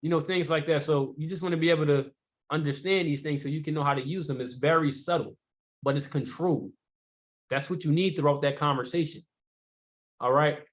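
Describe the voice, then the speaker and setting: A man with a somewhat high voice leads a sales training session. His delivery is loose and chatty, full of "you know" and quick rhetorical check-ins with the group. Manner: conversational, rhetorical questions, many "you know" fillers. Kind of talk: casual sales training talk.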